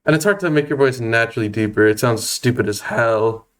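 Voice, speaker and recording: A young man in his twenties chats on his game stream at an average pitch for a man. He talks in a nervous, self-deprecating way, stammering through restarts and laughing often. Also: fairly quick. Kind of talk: casual live-stream chat.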